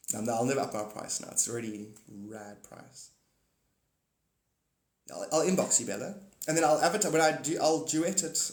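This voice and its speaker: Man chatting on a roomy live stream. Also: medium pitch. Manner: rambling, jokey, swears and self-corrects. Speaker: live streamer and paid reader. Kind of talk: casual live-stream chat. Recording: roomy echo.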